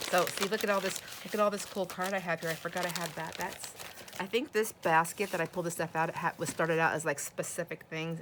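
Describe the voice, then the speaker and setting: Chatty older woman with a lower voice. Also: background noise. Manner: chatty and rambling, often laughing. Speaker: craft vlogger. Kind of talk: casual chat while sorting craft supplies. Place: home craft room.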